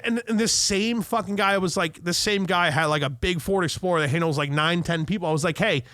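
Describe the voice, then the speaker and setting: A man spins a profane, animated story on a podcast. His voice sits high, and the sound is dry and close. He swears constantly and acts out every quoted line. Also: dry recording. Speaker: podcast co-host. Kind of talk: casual storytelling chat.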